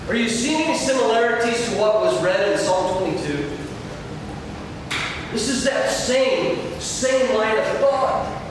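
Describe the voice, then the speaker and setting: A high-voiced man preaching a sermon in a big church hall, leaning on words with dramatic pauses. He is heard from a distance, with long reverb and a steady noise floor behind him. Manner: dramatic emphasis and pauses, earnest. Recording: echoey hall, distant mic, noisy.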